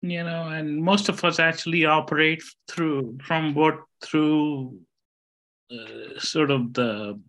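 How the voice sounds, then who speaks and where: Middle-aged guy from india, slow and halting, laughs at himself a lot. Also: a little high, fairly even intonation, fairly bright tone, poor audio. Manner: halting, hesitant, self-deprecating with laughs. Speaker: sangha member being appreciated. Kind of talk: casual group sharing.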